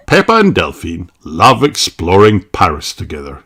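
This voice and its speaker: A reader narrating a children's picture book aloud, slowly and expressively. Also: medium pitch, slightly rough. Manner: slow, very lively storytelling. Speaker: storybook reader.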